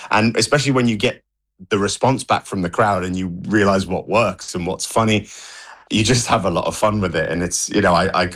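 A man's voice: deep voice, a bit bright. A man talking casually as a guest on a radio show, chatty and full of "you know" and restarts. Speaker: guest dancer. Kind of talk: casual radio interview chat.

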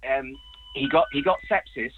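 A man's voice: medium pitch, moderate pace, slight background noise. A man, a priest, joining a radio show as a phone guest, keeping the talk light and chatty. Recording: tinny phone line.

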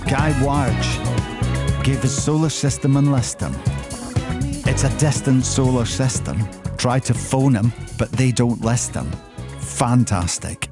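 A man's voice: mid-range voice, sing-song, slow pace, over music. A man presenting an evening radio phone-in, chatty and amused as he reads out listener messages and song lyrics. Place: radio studio. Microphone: studio microphone.

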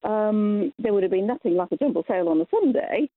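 A woman's voice: medium pitch, lively intonation, a little fast. A woman calling in to a radio show, speaking forthrightly with some hesitant fillers over a telephone line. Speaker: caller. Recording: tinny phone line.

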